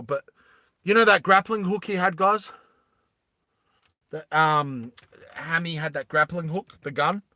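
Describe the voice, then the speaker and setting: Rambling, excitable young man. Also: on the high side, no room sound, studio quality. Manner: rambling, self-correcting, excitable. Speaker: animated film creator. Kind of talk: casual storytelling to viewers.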